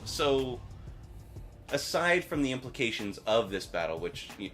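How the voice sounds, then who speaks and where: A young man with a bright, tense-edged voice that leaps up and down in pitch. He argues his reading of a TV episode in casual, chatty bursts and laughs easily. Faint music plays underneath. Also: a little slow. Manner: animated, analytical, laughs easily. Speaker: podcast co-host. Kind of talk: casual chat recapping a TV episode.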